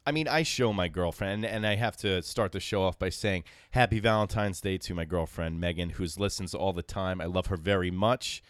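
A man's voice: low-pitched, smooth, dry recording, studio quality. A man hosting a podcast in casual chat, joking and teasing his co-hosts. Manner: joking, teasing, drawn-out announcer delivery. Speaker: podcast host.

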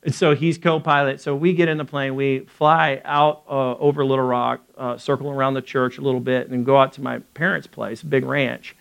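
A middle-aged man preaches in a relaxed, storytelling way. His voice sits in a mid range, and he throws in quick asides and voices for the people in his story. He ends by leading a prayer. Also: mid-range voice, creaky, clear, resonant tone. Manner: lively storytelling with acted quotes and quick asides. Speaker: pastor.

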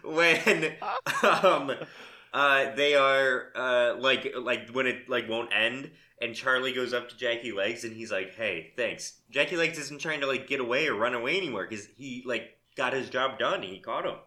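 Bright-voiced rambling podcast host man. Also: medium pitch, normal speed, hardly any pauses. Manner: rambling, laughs through his own stories. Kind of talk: casual chat.

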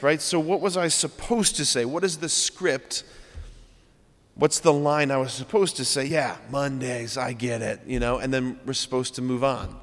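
A man's voice: on the high side, fairly bright tone. Priest guy in his 30s doing a homily, chatty and earnest, long echo from the church. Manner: conversational, earnest storytelling with rhetorical questions.

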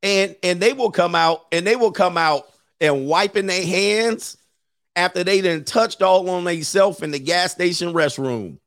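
In a dry, clean studio recording, a thirty-something commentary host rants casually on his online show. His voice is high and fairly bright, and he takes his time, staying brash, joking and laughing often.

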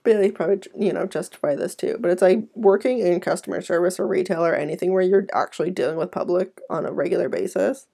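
A woman's voice: fairly low pitch, fast, gravelly, hardly any pauses, warm tone, slightly rough. A young woman, co-hosting a casual podcast chat, blunt and swearing freely. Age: young adult. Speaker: podcast co-host.

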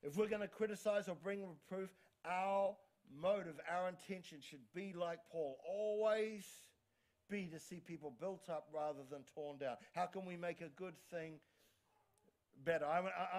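A pastor preaching a sermon energetically, often restarting words and calling for amens. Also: male voice, sits high, normal speed. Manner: energetic, frequent restarts and stammers, calls for amens.

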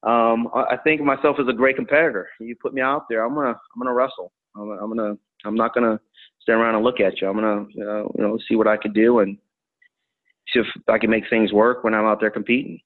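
A middle-aged man, a former college wrestler and coach, tells stories in an interview in a relaxed, rambling way with many fillers. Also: lowish voice, quick pace. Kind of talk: storytelling in an interview. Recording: tinny phone-like line.

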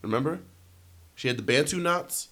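A man co-hosting a podcast in casual chat, tossing in quick, joking remarks. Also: medium pitch, animated, pushed and bright. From parents from Nigeria. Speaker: podcast co-host.

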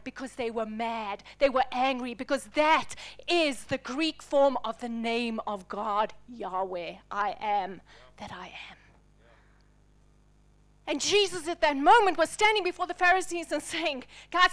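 High-voiced woman preaching a dramatic sermon. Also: a little slow. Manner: dramatic, dropping to a hush for key lines.

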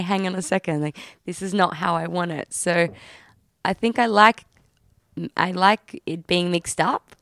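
Soft-spoken Australian woman, low and gravelly. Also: dry recording, clean studio sound. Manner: soft, reflective, laughs easily. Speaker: podcast guest. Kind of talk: casual chat.

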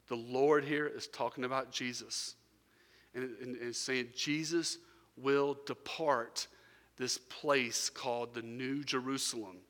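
A man preaching a sermon, telling a story and swinging from quiet, low passages to loud, raised bursts. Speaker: pastor. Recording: long hall reverb.

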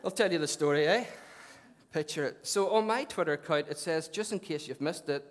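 A man preaching a sermon as pastor, chatty and lively with joking asides, then reading Scripture aloud. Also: on the high side, fairly quick, slight background noise.

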